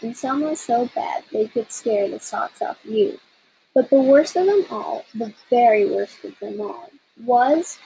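A woman reading a children's picture book aloud with expressive storytelling, soft and slow in places. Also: fairly high pitch, a little hiss or hum, rough recording. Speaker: story reader.

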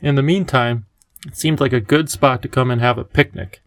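A kindly, eccentric old professor, as a male reader puts him on, cheerful and fond of explaining things. The voice has a gravelly edge and sounds close and dry, as in a storybook reading. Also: mid-range voice, normal speed, fairly bright tone, no echo, close to an everyday voice.

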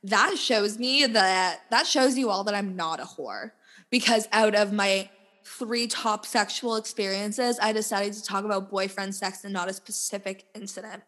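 A woman's voice: medium pitch, normal speed, a bit bright. Chatty young woman podcasting candidly. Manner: candid, chatty, full of "like" fillers and laughs. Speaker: podcast host. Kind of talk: casual solo podcast chat. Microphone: podcast mic.

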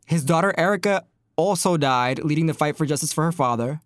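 A man's voice: a little high, brisk, no room sound, clean studio sound. A man giving heated, profane commentary, mocking and incredulous. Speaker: commentary host.

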